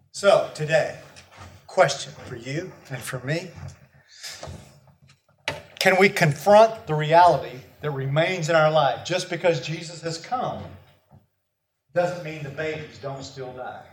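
High-voiced preacher in an echoey hall. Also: male voice, a little hiss or hum. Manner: animated storytelling with self-mocking asides. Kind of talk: sermon. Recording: echoey room from far off.

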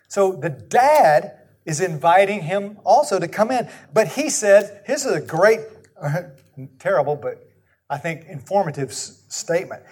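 A man in his sixties preaching a sermon in a conversational way, asking the congregation questions. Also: high voice. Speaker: pastor.

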